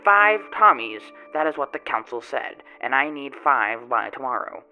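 A man's voice: medium pitch, big pitch swings, moderate pace, lo-fi sound. A man voicing a stern older woman who scolds and makes demands. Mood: scolding. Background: music.

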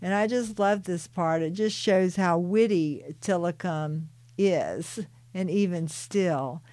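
A woman reading aloud from her own spiritual book in a soft, earnest, unhurried way, stopping for personal asides. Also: on the low side, no echo.

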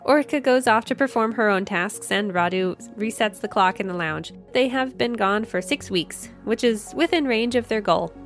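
A woman narrating a science fiction story in a steady, measured reading. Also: mid-range voice. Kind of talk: audiobook narration. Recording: faint music behind. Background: faint music.

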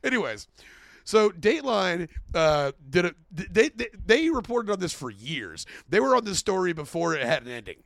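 A man with a high, gravelly voice tells a story in a casual chat, laughing and swearing as he slips into voices for the people in it. The sound is dry and close. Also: moderate pace, no room sound. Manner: animated, laughing, swears, acts out quotes in voices. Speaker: podcast co-host.

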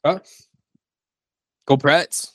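A man's voice: slow, no echo, low-quality recording. A man co-hosting a casual podcast, rambling and correcting himself as he talks through his picks. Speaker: podcast co-host. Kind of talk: casual sports-betting chat.

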